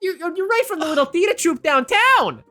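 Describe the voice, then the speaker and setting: A woman voicing a gushing middle-aged mother at a birthday party, talking in a shrill excited voice. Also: normal speed, exaggerated voice.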